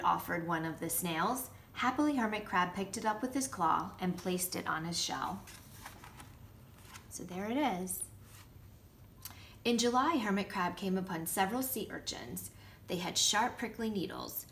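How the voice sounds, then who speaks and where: A nursery school teacher, a woman, reading a picture book aloud to children with lively asides. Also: mid-range voice, unhurried, a little hiss or hum. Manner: warm, lively storytelling with asides showing pictures.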